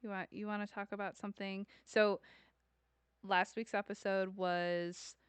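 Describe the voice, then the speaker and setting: A woman's voice: mid-range voice, level tone, measured pace, clean tone, no room sound. A woman co-hosting a podcast in casual chat, chatty and earnest. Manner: chatty, laughs often, earnest. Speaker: podcast co-host.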